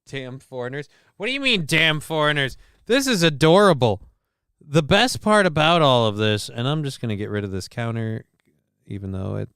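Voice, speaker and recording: Man, live streamer, rambling casual commentary, crude, very clear voice, dry sound. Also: medium pitch, no room sound. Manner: rambling, crude, reads out chat names.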